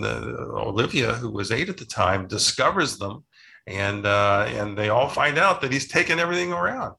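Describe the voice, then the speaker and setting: Older male author, gravelly and sharp-toned, chatty and rambling in interview. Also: mid-range voice. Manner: rambling, many restarts and fillers. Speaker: children's book author. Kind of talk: casual interview storytelling.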